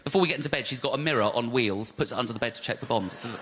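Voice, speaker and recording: A man's voice: mid-range voice, rapid-fire. A middle-aged English man with a West London accent, doing a self-mocking stand-up set with mock-outraged rants in front of a live audience. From England. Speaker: stand-up comedian. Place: live comedy venue. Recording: noisy live comedy recording. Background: audience laughter.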